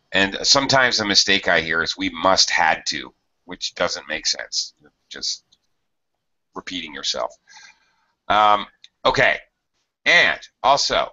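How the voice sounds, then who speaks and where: A man teaching an English grammar lesson, explaining slowly and patiently with frequent fillers. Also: low voice, sharp tone. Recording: dull lo-fi audio.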